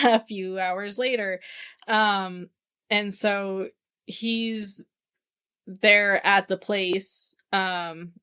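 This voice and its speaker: A woman's voice: mid-range voice, fairly even intonation, drawn-out words, sharp tone, clean tone. A woman co-hosting a book club podcast, casually retelling a novel's scenes and acting out the characters' lines with plenty of swearing. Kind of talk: casual chat.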